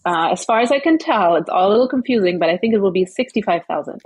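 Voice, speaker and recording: A woman's voice: mid-range voice, lively intonation, fast talker, darkish tone, breathy edge, no room sound. Upbeat New woman caller in her forties. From New York City. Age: 40s. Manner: friendly, upbeat, a little giggly. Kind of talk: phone-in conversation.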